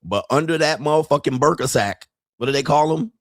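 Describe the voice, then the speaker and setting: A man's voice: fairly high pitch, brisk, no echo, studio quality. A man streaming reaction commentary on street pickup videos, blunt and profane, laughing often as he mocks what he watches, speaking.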